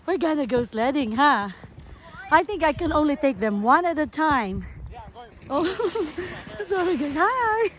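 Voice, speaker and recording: High-voiced cheerful woman vlogging outdoors. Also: expressive, a little slow. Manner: cheerful, coos at her dogs in a high voice. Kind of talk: casual vlog chat. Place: outdoors in deep snow.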